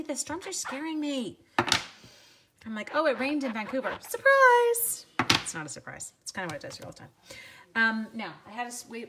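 Woman, live craft demo host, chatty, upbeat, home craft room, faint background hiss. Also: mid-range voice. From Canada. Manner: chatty, upbeat, talks to viewers while working. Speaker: craft demonstrator.

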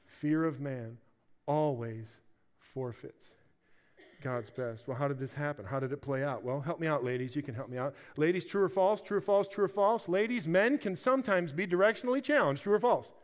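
A man preaching a sermon as senior pastor, animated, acting out biblical figures and dropping to quiet emphasis. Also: on the high side, fast, few pauses, big-room sound. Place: church sanctuary.

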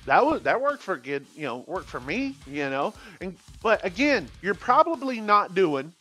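A man talks like a trucker venting to his viewers, loose and folksy with jokes thrown in. His voice sits high and swings widely in pitch. Soft music plays faintly underneath. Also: sing-song, normal speed. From Texas. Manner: folksy, rambling, joking. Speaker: truck driver vlogger. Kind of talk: casual opinion rant.

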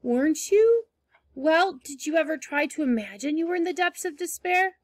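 A woman's voice: high-pitched, animated, moderate pace, no room sound, voice pushed up. A woman reading aloud voicing a talkative, imaginative eleven-year-old orphan girl with a dramatic, gushing manner. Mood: eager.

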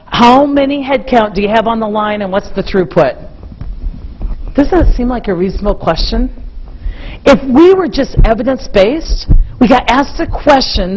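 Middle-aged woman doing a motivational keynote, lively storyteller, kinda high voice. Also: low-quality recording. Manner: animated storytelling to a live audience. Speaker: keynote speaker.

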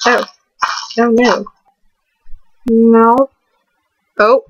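A woman's voice: a little high, level tone, extremely slow, dry recording. A teenage girl rambling and giggling through horror game commentary, stuffed with fillers and breaking into panicky outbursts. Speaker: gaming channel host. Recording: dull lo-fi recording with clear background noise.

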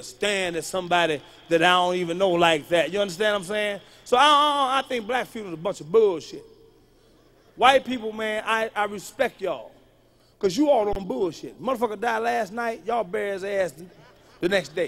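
A man performing live stand-up storytelling, profane and punchy, swinging from muttered asides to sudden yells. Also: high voice. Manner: loud, profane, punchy delivery that jumps between muttering and yelling. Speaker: stand-up comedian.

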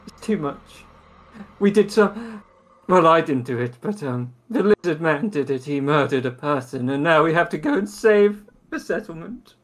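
A man's voice: a little high, animated, normal speed. A man voicing an earnest young male warrior in a tabletop role-play game, speaking with a slightly theatrical tone.

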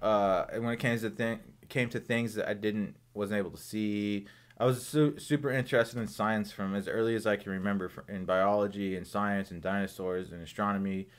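Podcast guest, male, lowish voice, reflective and rambling with restarts. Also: steady tone, a little fast. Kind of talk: casual chat.

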